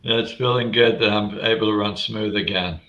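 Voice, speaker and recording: A man co-hosting a casual live-stream chat, friendly, giving shout-outs and dry jokes. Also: lowish voice, steady tone, normal speed, a little hiss or hum. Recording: dull, echoey room sound.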